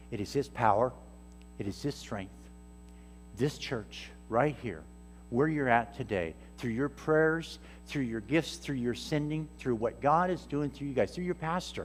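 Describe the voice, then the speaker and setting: A man preaching a storytelling sermon as a guest missionary speaker, acting out the people in his stories. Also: mid-range voice. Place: church sanctuary. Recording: reverberant church hall with soft music.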